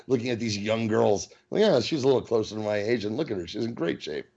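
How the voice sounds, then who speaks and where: A man co-hosting a podcast in casual chat, rambling with halting restarts and chuckling at his own jokes. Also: mid-range voice, big pitch swings, warm tone, slightly rough. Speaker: podcast co-host. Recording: dull lo-fi recording.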